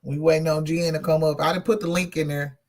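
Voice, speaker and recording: A woman's voice: sits low, steady tone, brisk. A woman hosting a livestream, chatting casually and bluntly with viewers and swearing freely. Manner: blunt and profane, talks straight to chat. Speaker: livestream host.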